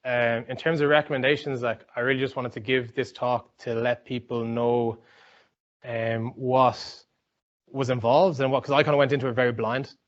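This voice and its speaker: A man's voice: mid-range voice, level tone, moderate pace. A young Irish man giving a rambling, chatty talk full of fillers and restarts. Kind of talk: informal talk with anecdotes. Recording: dull lo-fi sound.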